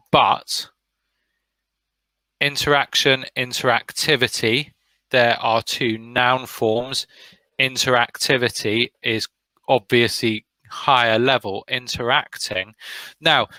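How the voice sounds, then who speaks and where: British male teacher, slow and encouraging, bright voice, dry sound. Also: medium pitch, no room sound, poor audio. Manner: encouraging, praises students by name. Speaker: English teacher. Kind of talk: online vocabulary lesson.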